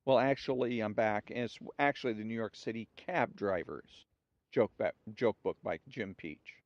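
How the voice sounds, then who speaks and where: A man hosting a show, reading jokes aloud in a relaxed storytelling way and acting out the characters' lines. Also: fairly low pitch, normal speed, dry recording, lo-fi sound. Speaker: host.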